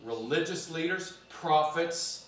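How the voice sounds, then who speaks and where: A man's voice: fairly high pitch, expressive, takes it slowly, a bit bright. A man preaching a sermon as pastor, reading scripture and stretching out key words for emphasis. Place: church. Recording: echoey church from a distance.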